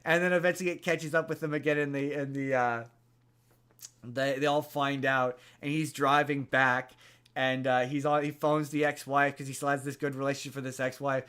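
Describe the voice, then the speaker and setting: A man's voice: medium pitch, flat delivery, moderate pace, fairly bright tone, smooth. A man hosting a podcast, casually retelling a movie's plot in a rambling way, full of fillers and restarts. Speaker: podcast host.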